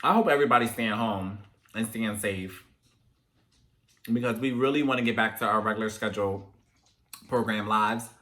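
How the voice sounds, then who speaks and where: A young man hosting a casual talk video, telling animated stories about growing up in African American English. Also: on the low side, moderate pace, long pauses. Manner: chatty, animated when telling parent stories. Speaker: host. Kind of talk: casual chat, storytelling to viewers.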